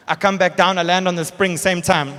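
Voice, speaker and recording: A South African man performing a stand-up comedy set in a large theatre, telling stories in an animated way and breaking into loud bursts as he acts out characters. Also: high voice, noisy background. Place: large theatre stage before a live audience. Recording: live hall reverb with audience.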